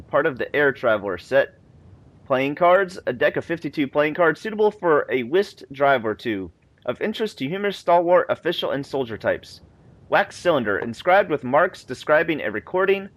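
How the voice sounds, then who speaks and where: Playing a video game, a young man chats casually, reads the game text aloud and laughs at his own expense as a let's play host. His voice is a little high and animated at a normal speed, recorded with poor audio.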